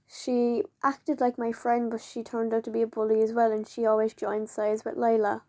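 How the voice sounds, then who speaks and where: Speaking to camera in a warm, fairly high voice, this vlogger casually recounts a personal story. She chats away, leaning on "like" and performing the dialogue of the people involved.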